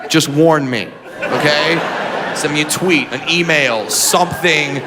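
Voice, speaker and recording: High-voiced man doing stand-up live. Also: measured pace. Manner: animated storytelling, shouting punchlines, shrill mock voices. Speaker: stand-up comedian. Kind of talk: stand-up comedy routine. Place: comedy club stage before a live audience. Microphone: handheld stage microphone. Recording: live stage recording, long hall reverb, crowd noise. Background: audience laughter.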